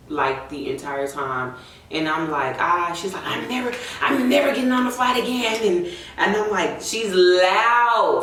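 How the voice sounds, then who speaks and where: A young woman telling a story in casual, animated chat while she does her makeup. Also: fairly low pitch. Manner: animated, chatty, says "y'all" often. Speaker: beauty vlogger. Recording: echoey room, voice a bit distant from the mic.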